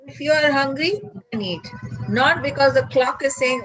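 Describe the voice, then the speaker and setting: A woman's voice: high-pitched, animated, moderate pace, a bit bright. A woman doctor giving a webinar health talk, asking her listeners many questions and acting out everyday voices. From India. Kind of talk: webinar lecture. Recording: dull lo-fi webinar audio.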